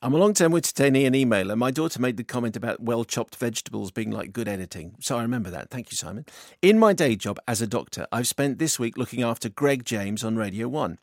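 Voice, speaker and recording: A British man hosts a radio show in brisk, casual chat, reading listener emails aloud. His voice is mid-pitched and close to a dry studio microphone. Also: lively intonation, a little mellow, dry recording. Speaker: radio presenter.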